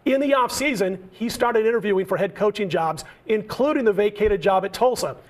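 A man's voice: high voice, a little fast. A man in his forties from Nebraska, giving punchy, opinionated analysis as a regular on a sports betting talk show. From Nebraska, USA.

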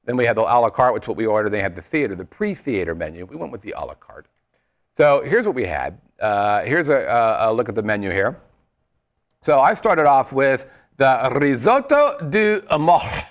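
A man hosts a relaxed chat show, telling stories in an animated, jokey way. His pitch swings widely as he talks. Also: normal speed. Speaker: show host. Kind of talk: casual chat.

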